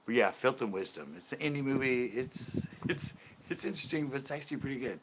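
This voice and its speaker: A man's voice: mid-range voice, animated, fast talker, noisy background. A man hosting a fishing channel livestream, chatting casually with viewers in a rambling, laid-back way and laughing easily.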